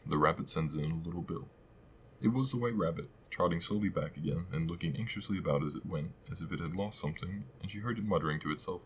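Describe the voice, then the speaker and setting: A man reading a classic storybook aloud as narrator, in a steady, measured way. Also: low-pitched, slight background noise, rough recording. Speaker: audiobook reader.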